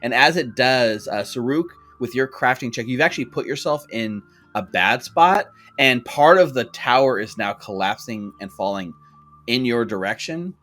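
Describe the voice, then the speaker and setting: Man as casual game master, bright tone, faint music underneath. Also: mid-range voice, animated, moderate pace. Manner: loose narration with many fillers and restarts. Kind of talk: narrating a tabletop game.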